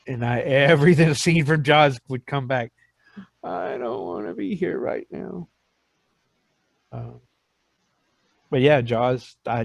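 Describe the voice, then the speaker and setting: A man's voice: medium pitch, no room sound. A man in his fifties hosting a podcast, telling stories in casual chat and acting out quotes. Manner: animated storyteller, acts out quotes. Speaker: podcast host.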